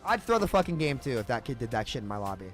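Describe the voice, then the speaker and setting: A man's voice: mid-range voice, very animated, very fast, faint music behind. A man streaming a game, ranting in heated, profane bursts and repeating himself as he talks. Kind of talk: livestream rant between matches.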